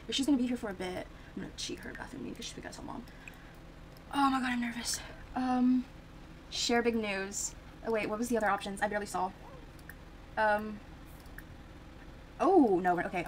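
A woman talks her way through a life-sim game in a loose, chatty ramble, trailing off into fillers and starting her sentences over. Her voice sits at an ordinary middle pitch. A faint hiss runs under the recording. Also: poor audio. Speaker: gaming video creator. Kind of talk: casual gameplay commentary.

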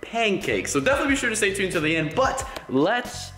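A man hosting a casual home vlog, excitable and exclaiming often. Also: high voice, brisk. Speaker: vlogger host. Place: indoors at home. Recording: echoey room, faint music.

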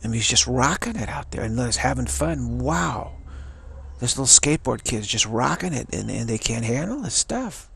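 A man's voice: mid-range voice, lively intonation, moderate pace, gravelly, fairly bright tone, breathy edge. A man giving a casual spiritual talk, rambling, chuckling and repeating phrases. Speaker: spiritual teacher.

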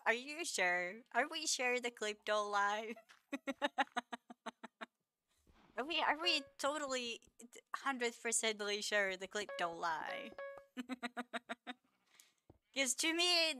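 Slow, giggly woman streamer with bright tone. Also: fairly high pitch, a little hiss or hum. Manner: laughs constantly, stammers and repeats words; playful mock outrage with swearing. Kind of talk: casual live-stream chat with viewers.

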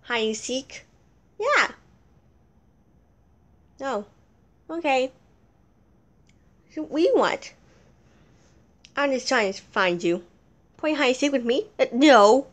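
A woman acting out a toy play with several characters, switching quickly between them in back-and-forth dialogue with sudden shrieks. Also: fairly high pitch, sing-song.

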